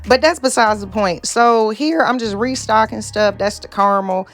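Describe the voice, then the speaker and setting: A woman's voice: on the high side, moderate pace. Chatty, profane young woman vlogger. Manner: profane, chatty, calls viewers honey and y'all. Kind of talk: casual vlog chat. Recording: background music under the voice. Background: background music.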